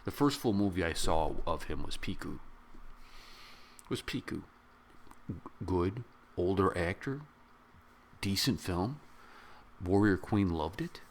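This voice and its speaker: A middle-aged man reviewing a movie in a casual, rambling, excitable way, full of slang. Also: low-pitched, a little slow, pauses often, slight background noise. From of British descent. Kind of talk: casual spoken film review.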